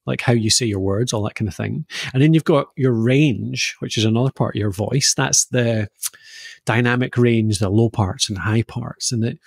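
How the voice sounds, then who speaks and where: A Scottish man co-hosting a podcast, easily explaining voice warm-ups and playfully demonstrating vowel sounds. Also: mid-range voice, vocal fry, husky, no echo, clean studio sound. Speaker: podcast co-host explaining voice skills. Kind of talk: casual podcast chat.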